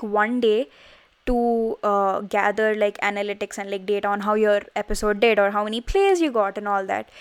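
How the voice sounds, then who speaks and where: Chatty young woman with a crisp voice. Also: a little high, no room sound. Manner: rambling, lots of "like", animated self-talk. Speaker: podcast host. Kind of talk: casual solo podcast chat. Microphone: close studio microphone.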